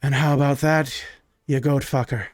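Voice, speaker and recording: A man's voice: mid-range voice, fairly even intonation, normal speed, no echo, clean studio sound, natural voice. A man voicing a drunk, rowdy tiefling man boasting at a tavern in a tabletop game. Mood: boisterous. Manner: boisterous, crude taunting.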